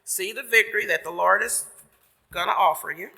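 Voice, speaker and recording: A man playing Moses as a steady leader telling people to stay calm, in a high, gravelly voice. A long church reverb trails his words. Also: normal speed, exaggerated voice.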